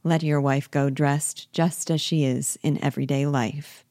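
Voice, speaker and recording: A wry, world-weary family doctor of a stage drama who speaks in measured, ironic turns, as a woman reader voices him. Low and close, with a dry sound. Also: flat delivery, dark tone, no echo. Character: Doctor Rank, an ironic, dying family friend.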